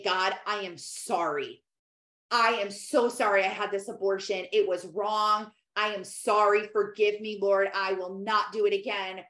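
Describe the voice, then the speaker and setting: A woman's voice: fairly high pitch, fairly bright tone. A woman, likely in her thirties, speaking earnestly and directly to mothers in a faith-based conversational talk. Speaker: host. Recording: echoey room.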